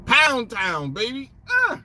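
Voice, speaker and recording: A man's voice: extremely high pitch, huge pitch swings, takes it slowly, bright, forceful tone, a little hiss or hum. A man ranting in casual commentary, profane and sarcastic, full of street slang, rambling with restarts and asides. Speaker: political commentator.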